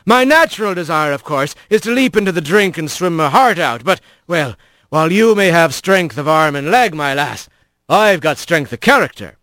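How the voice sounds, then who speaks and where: A man's voice: a little high, big pitch swings, moderate pace, a bit bright, dry recording. A man voicing an easygoing, witty male otter bosun who jokes with the crew in a storybook reading. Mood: wry. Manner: jovial and wry.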